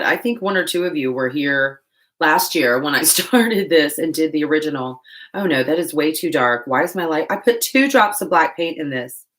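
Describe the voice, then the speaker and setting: Low-voiced chatty woman painting on a livestream. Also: a bit bright. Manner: chatty, self-mocking, with asides to herself. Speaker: livestream host. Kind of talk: casual live-stream chat while painting.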